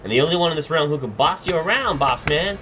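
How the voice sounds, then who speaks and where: A man's voice: medium pitch, normal speed, far from the mic, music in the background, lightly acted. A man doing a cheeky tiny demon. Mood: cackling. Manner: cheeky, sarcastic. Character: tiny cheeky male demon, mocking and playful.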